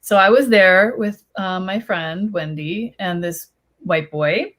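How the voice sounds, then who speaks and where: A woman's voice: medium pitch, takes it slowly, fairly bright tone. A woman from Chicago with a Chicago accent, an author telling stories in a casual panel discussion, chatty and full of fillers. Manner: chatty storytelling with fillers and laughs.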